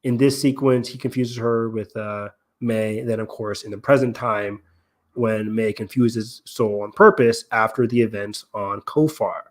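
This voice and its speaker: A man's voice: fairly low pitch, fairly even intonation, a little slow. A man co-hosting a podcast, explaining and analyzing at length in casual talk with frequent ums and self-corrections. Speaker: podcast co-host.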